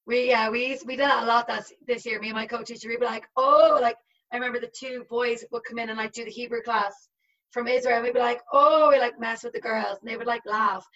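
A fairly high-voiced young woman in her twenties chats easily as an interview guest, filling her talk with little fillers. The recording sounds a bit dull and lo-fi. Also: level tone, fast talker, a bit bright. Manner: chatty, uses many fillers. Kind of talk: casual conversation.

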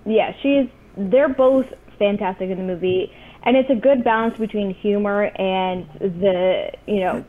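A woman's voice: mid-range voice, unhurried, a little hiss or hum. A woman co-hosting a casual podcast chat, talking earnestly and a little hesitantly, with fillers. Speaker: podcast co-host. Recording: tinny phone-like line.

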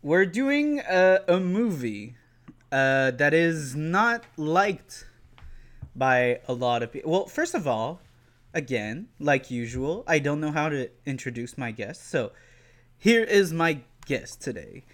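Slow-talking man hosting a podcast. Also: on the high side, big pitch swings, a bit bright. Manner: halting, filler-heavy speech. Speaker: podcast host. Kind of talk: casual chat.

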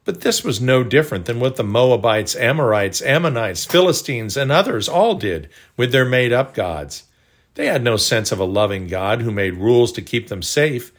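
A man narrating a scripted devotional audiobook in a measured, earnest way. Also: mid-range voice, big pitch swings.

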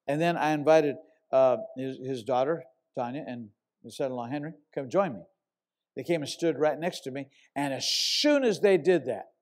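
Animated storytelling pastor, a man with a higher voice. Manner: animated storyteller, bursts into loud shouts when quoting himself. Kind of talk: sermon storytelling.

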